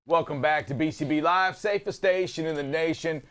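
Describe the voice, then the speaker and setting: Upbeat high-voiced male show host. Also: normal speed, over loud music. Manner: upbeat, teasing banter. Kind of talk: casual live talk show.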